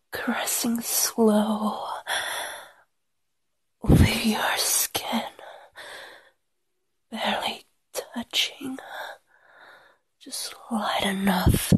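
A woman in a whispered role-play, speaking in a breathy, pleading whisper broken by soft sighs. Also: a little high, no echo. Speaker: erotic audio performer.

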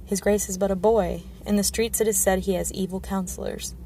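A woman's voice: mid-range voice, fairly even intonation, fairly quick, mellow, a little hiss or hum, close to an everyday voice. A woman reading the part of a blunt, honest city guard commander, speaking steadily.

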